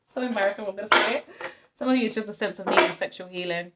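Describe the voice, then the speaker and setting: A woman's voice: medium pitch, racing, roomy sound, very noisy. A woman giving a casual tarot reading, chatty and blunt, swearing freely as she talks to her viewers. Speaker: tarot reader.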